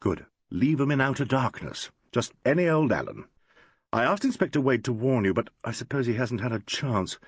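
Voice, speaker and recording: A man's voice: mid-range voice, big pitch swings, moderate pace, breathy edge, no room sound. A man voicing a suave, playful English chief inspector, speaking with an English accent in an urbane, teasing way.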